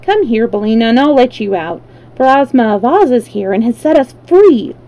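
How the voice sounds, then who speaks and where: A woman's voice: fairly high pitch, expressive, moderate pace, warm tone, rough recording. A woman voicing a kind, well-mannered little girl who scolds her friend primly. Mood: reproving. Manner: prim, reproving.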